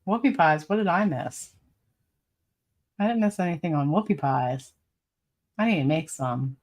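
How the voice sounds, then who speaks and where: A woman's voice: deep voice, expressive, moderate pace, a little mellow. A woman hosting a casual live stream, reading viewer comments aloud in a chatty, rambling way and laughing often. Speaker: livestream host.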